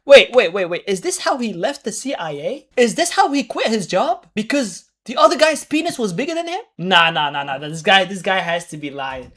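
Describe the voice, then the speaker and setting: A woman hosting a reaction video, excitable and swearing, talking straight to her viewers. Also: mid-range voice, normal speed, hardly any pauses. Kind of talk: casual reaction commentary.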